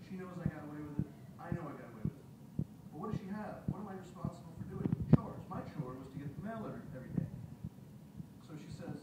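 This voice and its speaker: Man, late twenties, stand-up storytelling, rambling with restarts, distant mic, heavy echo, loud background noise. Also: a little high. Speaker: stand-up comedian. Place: comedy club stage.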